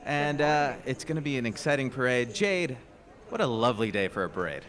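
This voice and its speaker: A young man calls a street parade from an outdoor radio booth, chatty and upbeat with easy jokes. His pitch sits in the middle for a man, and the open-air feed carries light street ambience around him. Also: expressive, brisk, a bit bright. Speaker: parade announcer. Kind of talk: live event commentary.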